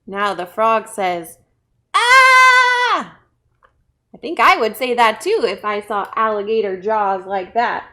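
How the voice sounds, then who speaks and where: A woman children's librarian reading a picture book aloud to kids, playful and bursting into loud exclamations. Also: mid-range voice, normal speed, hardly any pauses. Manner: playful, with big shouted exclamations.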